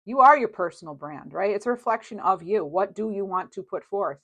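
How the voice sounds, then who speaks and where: A woman's voice: mid-range voice, expressive, a little fast, a bit bright. A woman reading tarot cards in a casual, rambling and reassuring way, with many fillers. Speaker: tarot reader.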